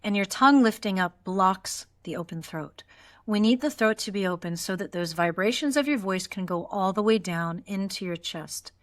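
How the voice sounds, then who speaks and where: A female voice teacher calmly and encouragingly guides a class through a vocal exercise, demonstrating each step with sighs and yawns and walking the listener along. Her voice is a typical middle pitch for a woman, at a moderate pace.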